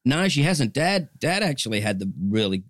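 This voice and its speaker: A man's voice: mid-range voice, big pitch swings, normal speed, fairly bright tone, no room sound, studio quality. A man in his fifties with an Australian accent, telling stories as a guest in a casual chat, rambling with restarts. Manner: chatty storyteller, rambling with restarts.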